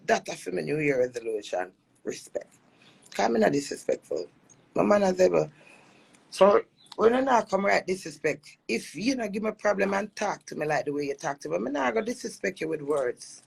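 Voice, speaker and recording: A Jamaican woman with a gravelly, husky voice, airing a heated complaint about her marriage in an emphatic, repetitive monologue that mixes patois and English. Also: medium pitch. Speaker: dancehall personality airing a marital dispute.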